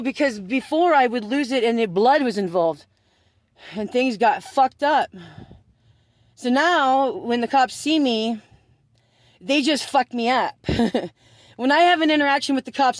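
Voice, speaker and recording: In a very high-pitched voice with no echo, a male vlogger laughs his way through a meandering, profane tale, cursing nonstop and slipping in sarcastic remarks.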